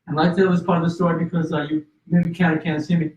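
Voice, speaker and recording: A man's voice: on the high side, level tone, fast, darkish tone. A man telling a personal story in an interview, earnest, with restarts and fillers. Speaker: guest. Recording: roomy, distant and slightly dull.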